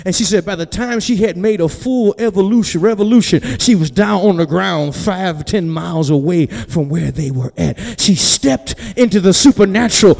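A male pastor with a fairly high voice preaches in a church, moving between animated storytelling, jokes and rising shouts. The hall adds a long, lingering reverb. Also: normal speed, vocal fry, hardly any pauses. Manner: animated storytelling, builds to shouting, joking asides. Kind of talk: sermon.

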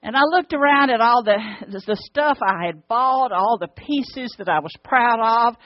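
A woman with an Alabama accent telling an earnest personal testimony, with long pauses. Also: fairly high pitch, expressive, no room sound. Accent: Southern US, Alabama. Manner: earnest storytelling, drawn-out pauses, fervent pleading in prayer. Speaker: speaker sharing a personal testimony. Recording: dull, lo-fi, dry recording.

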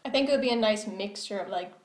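A woman's voice: medium pitch, quick pace. A young woman co-hosting a casual podcast chat, enthusiastic and peppering her talk with "like". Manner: enthusiastic, frequent "like" fillers. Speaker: podcast co-host. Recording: roomy echo.

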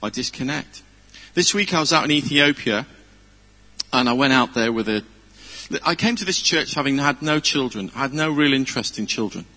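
Guy preaching casual in a church hall, bright gravelly voice, long echo. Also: mid-range voice, animated, normal speed. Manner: chatty, self-deprecating, earnest. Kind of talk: informal sermon with personal stories.

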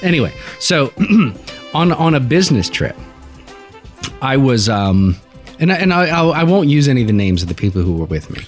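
A man's voice: mid-range voice, very animated, moderate pace, faint music behind. A man co-hosting a casual podcast chat, telling a long, winding story. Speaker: podcast co-host.

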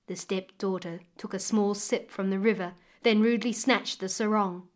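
Expressive woman storyteller. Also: medium pitch. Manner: expressive, measured. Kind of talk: storytelling narration.

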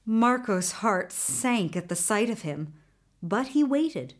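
A woman narrating a fairy tale in an expressive storybook reading style. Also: mid-range voice. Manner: expressive, unhurried.

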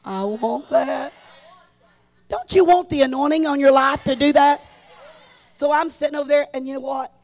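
A woman telling stories in a sermon at a conference, shifting between loud bursts and hushed asides. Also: high-pitched, fairly even intonation, brisk. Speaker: conference speaker. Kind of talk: storytelling sermon. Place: large conference hall.

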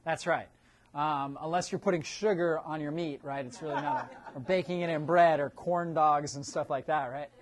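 A man's voice: a little high, fairly even intonation, moderate pace. Man lecturing a room, tagging "right?". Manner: keeps checking in with a tag "right?"; quizzes the audience with questions. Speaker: nutrition seminar presenter. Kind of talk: live seminar talk to an audience. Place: room with a live audience.

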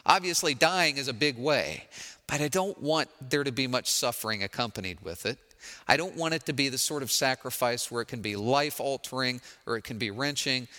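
A man's voice: mid-range voice, pushed and bright, in a large hall. A man preaching a sermon in a conversational, wry way, acting out the people he quotes. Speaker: pastor.

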